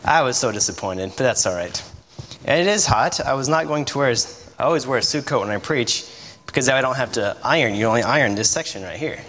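A man's voice: mid-range voice, animated, quick pace, fairly bright tone. A man in his thirties, a visiting missionary preacher, giving a casual, joking, self-deprecating sermon in a church. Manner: self-deprecating, chatty, with laughs. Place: church sanctuary. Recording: church hall reverb, faint room noise.

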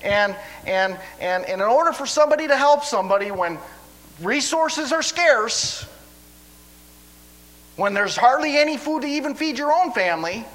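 A man's voice: extremely high pitch, expressive, normal speed, a bit bright, poor audio. A man preaching a sermon in a folksy way, often stammering and restarting his phrases.

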